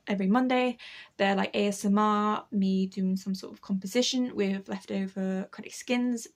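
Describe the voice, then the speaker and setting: A woman, chatting casually in her vlog and laughing often as she talks herself calm. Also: medium pitch, no room sound. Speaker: artist vlogger. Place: outdoors on a walk, then at home.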